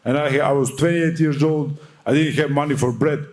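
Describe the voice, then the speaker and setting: A man's voice: fairly high pitch, fairly even intonation, normal speed, darkish tone. Man, young adult, boxer at a press conference, fiery, profane, defiant.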